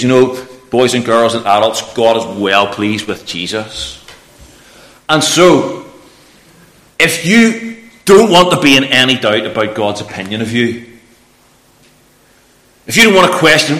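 A man preaching a lively children's talk in church, asking the children questions. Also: mid-range voice, measured pace. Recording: echoey church room.

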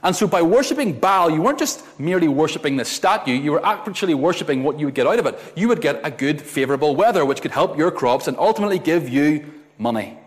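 A man preaching a sermon, stressing his points with sharp rises and drops in his voice. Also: fairly high pitch, expressive, fast. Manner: emphatic, rising and falling sharply for stress. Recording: long reverb of a large hall.

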